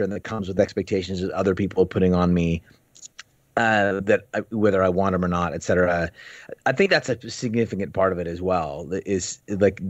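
A man's voice: lowish voice, dry recording, dull audio. A man who is a pastor, speaking thoughtfully in a casual podcast conversation, with hesitant restarts.

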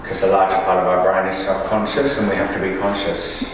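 A man in a discussion group gives brief, plain answers. His voice sits low and reaches the mic from a distance. A strong echo and clear room noise surround it. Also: flat delivery, brisk. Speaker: meetup participant. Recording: distant, echoey and noisy room.

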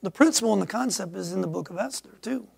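A middle-aged man from Michigan preaching a sermon as pastor, swinging from quiet asides to loud emphatic peaks. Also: sits high, fast, vocal fry, husky. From Michigan, USA.

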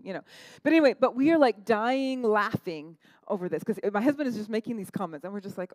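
A middle-aged woman pastor delivering a lively, conversational sermon, often tossing in "right?" to the congregation. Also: medium pitch, fast, no room sound, low-quality recording. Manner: animated, conversational, frequent "right?" asides.

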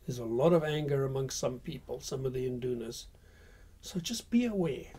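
Mellow-voiced man telling history. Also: a little high. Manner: conversational with frequent fillers. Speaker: history channel host. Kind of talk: casual storytelling history talk.

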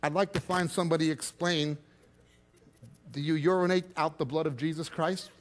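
A man's voice: a little high, fairly even intonation, moderate pace. A man giving an expository Bible teaching, reading scripture aloud and explaining it with emphatic stress that rises and drops sharply.

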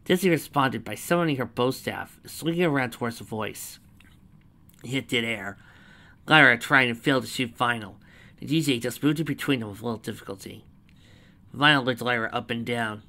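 A man narrates a fanfiction story with a bright, forward voice and a middle pitch. He breaks off now and then for chatty asides before returning to the narration. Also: moderate pace. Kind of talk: reading fanfiction aloud with casual asides.

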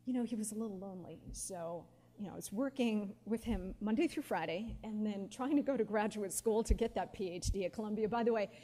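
A woman in her forties telling personal stories to an audience, lively and anecdotal, often quoting others with feeling. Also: mid-range voice, brisk, few pauses. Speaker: guest speaker. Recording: long hall reverb, faint background noise.

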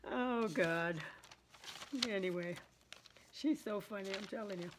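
A woman in her seventies with a husky voice, chatting and laughing as she tells stories to her vlog viewers. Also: mid-range voice, unhurried, a little hiss or hum. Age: 70s. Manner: chatty, laughs often while telling. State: throat trouble. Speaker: vlogger. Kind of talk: casual storytelling chat.

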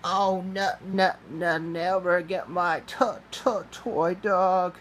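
An eager little boy, as a man acts him out. His voice is high and whiny and jumps around with excitement, in a slow storybook read. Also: a little hiss or hum. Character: eager little boy who loves toy ducks.

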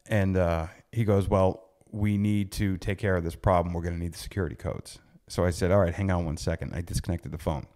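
A man in his forties hosts a podcast alone and tells a story from his own life. His voice sits very low, and he talks loosely, stopping for fillers and correcting himself as he goes. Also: a little mellow. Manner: conversational, with frequent fillers and self-corrections. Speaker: podcast host.

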